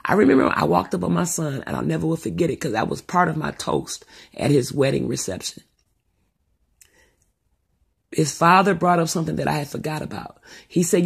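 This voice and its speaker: Husky, gravelly middle-aged woman telling stories. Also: low voice, fast talker. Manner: rambling and profane, with animated asides. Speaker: storyteller. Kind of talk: casual storytelling monologue.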